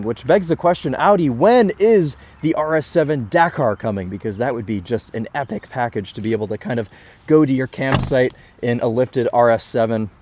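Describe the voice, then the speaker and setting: A young man from Michigan walks around a parked car and talks through it in an easy, chatty way. He sounds enthusiastic and throws in self-deprecating asides. His voice sits in a middle pitch. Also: darkish tone. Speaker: car reviewer. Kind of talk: casual car walkaround commentary.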